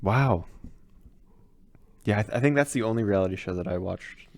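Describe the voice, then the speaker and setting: Low-voiced young guy on a podcast, reacts a lot, swears, very dry close mic. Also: normal speed, darkish tone, no echo. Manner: reactive, swears, interjects with dude and laughs. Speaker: podcast co-host. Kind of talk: casual chat.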